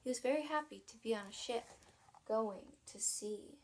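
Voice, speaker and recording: A woman's voice: on the high side, moderate pace, noisy background. A woman narrating a children's storybook in a casual reading style with occasional restarts and asides. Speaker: audiobook reader.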